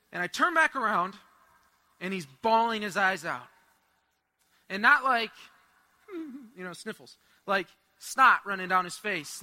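A young man preaching a sermon, telling a personal story in an animated way with asides and laughs. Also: sits high.

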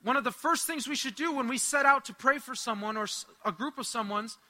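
Young guy preaching, high voice, super bright, chatty story mode. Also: fairly quick. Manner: animated storytelling with laughs and asides. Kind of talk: sermon with personal story.

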